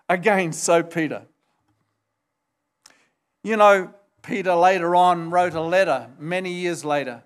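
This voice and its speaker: A man preaching a sermon, emphatic, jumping up high to stress points and acting out quoted dialogue. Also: measured pace. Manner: acts out quoted dialogue in a raised voice. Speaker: pastor.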